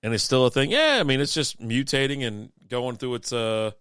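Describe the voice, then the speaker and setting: A man's voice: medium pitch, expressive, moderate pace, a bit bright, smooth, no room sound, clean studio sound. A man chatting casually as co-host of a beer and sports stream, rambling through profane stories with frequent laughs while sick with a cough. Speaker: podcast co-host.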